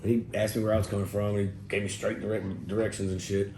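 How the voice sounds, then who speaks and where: A middle-aged man, casually telling an interview story in a loose, profane, animated way and quoting people as he goes. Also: lowish voice, quick pace. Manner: loose, profane, animated retelling with quoted dialogue. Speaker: rapper telling his story as guest. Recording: roomy echo with faint background noise.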